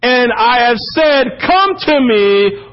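A man voicing God as a patient, gentle fatherly deity, drawing his words out to coax the listener. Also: very high-pitched, lively intonation, slow, muffled recording, heavily acted.

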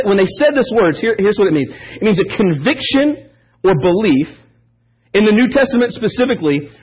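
A man preaching a sermon as pastor, telling stories in an animated, joking way. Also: sits high, slightly rough. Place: church service. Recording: dull lo-fi sermon audio.

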